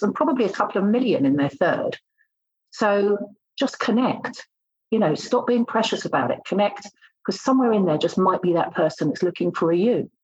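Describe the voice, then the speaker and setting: A woman's voice: medium pitch, highs cut off. A woman, a recruitment consultant talking bluntly and emphatically in a casual interview. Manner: blunt, emphatic, acts out exchanges.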